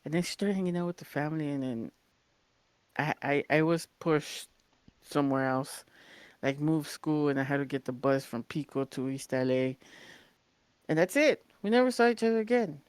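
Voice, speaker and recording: A woman co-hosting a podcast tells stories in a casual chat, her voice low and smooth at normal speed, with no room sound. She is animated, acts out the voices of people she quotes, and swears now and then.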